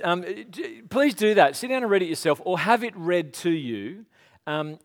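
Male pastor, casual rambling sermon delivery, light self-mocking humour, voice on the high side. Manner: chatty, rambling, self-deprecating asides. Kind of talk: conversational sermon.

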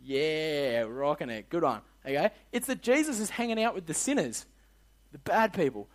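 A young Australian man leading a kids' Bible lesson with a high, bouncy voice. He talks in energetic slang and keeps firing questions at the group. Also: moderate pace. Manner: energetic, slangy, quizzes the audience. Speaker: youth leader.

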